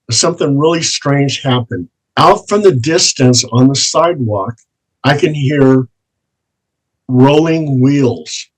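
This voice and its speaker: A man who investigates the paranormal, telling ghost stories slowly and dramatically as an interview guest. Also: a little high, rough recording. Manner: slow, dramatic storytelling with drawn-out words. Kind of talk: storytelling in an interview.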